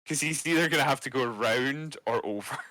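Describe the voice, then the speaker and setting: A man's voice: medium pitch, fairly quick, bright, forceful tone, dry recording. A man playing a tabletop game, thinking aloud with hesitations and dry jokes. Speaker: player.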